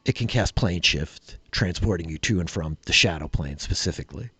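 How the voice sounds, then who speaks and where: A man narrating a tabletop game as dungeon master, relaxed and rambling with many fillers. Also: low voice, normal speed, breathy edge, no echo, soft background music.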